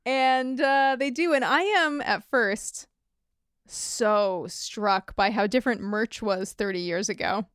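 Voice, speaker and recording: A woman co-hosting a podcast, chatting casually about a TV episode with wry deadpan jokes. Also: a little high, slow, clean tone, no echo, studio quality. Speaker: podcast co-host. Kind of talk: casual chat recapping a TV episode.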